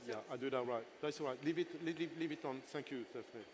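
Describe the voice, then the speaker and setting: A man's voice: mid-range voice, fast talker, background noise. A man in his sixties, a chef giving a live cooking masterclass on a festival stage, chatty and playful with his helpers and the crowd.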